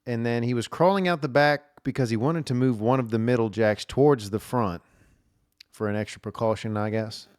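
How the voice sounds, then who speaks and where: In a clear, resonant mid-range voice, a man tells meandering stories alone on his podcast, stumbling through fillers and restarts. The camera recording at his desk has studio quality and no echo.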